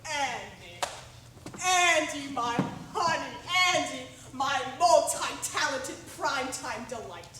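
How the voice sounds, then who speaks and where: A woman on stage playing a pushy, fast-talking male Hollywood agent with brash, wheedling sales patter. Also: high voice. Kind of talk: amateur stage play. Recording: distant echoey stage recording with hiss.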